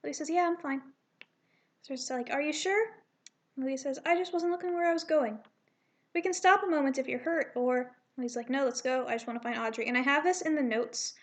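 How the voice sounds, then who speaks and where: High-voiced woman reading her comic casually. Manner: rambling, self-correcting, with quick asides. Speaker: comic artist reading her draft aloud. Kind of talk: casual read-through of a comic, voicing characters.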